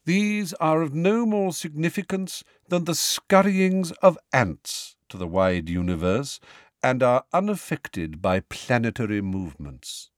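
A man voicing a calm, aloof male centaur teacher in an audiobook, speaking slowly and measured. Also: a little high, no echo, studio quality, voice pushed up. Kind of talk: audiobook character voice.

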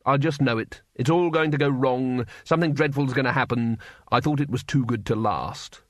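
A man voicing a flat, glum failed wizard. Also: medium pitch, normal speed, dry recording, studio quality, close to an everyday voice. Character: gloomy, pessimistic male failed wizard.

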